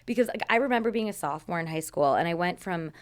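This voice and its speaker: A loud, opinionated young woman from the Chicago area, a podcast guest telling stories in casual chat. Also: on the low side, lively intonation, quick pace. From Chicago area, USA.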